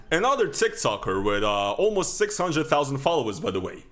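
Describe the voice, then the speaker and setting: Animated, sarcastic male streamer. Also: on the high side, fairly quick. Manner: exasperated, sarcastic, swears often. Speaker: streamer reacting to videos. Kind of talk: sarcastic reaction commentary.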